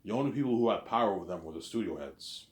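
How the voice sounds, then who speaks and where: Low-voiced rambling man, echoey room. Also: lively intonation, very fast. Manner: rambling and repetitive, restarts phrases. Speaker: vlogger. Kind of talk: casual rambling monologue.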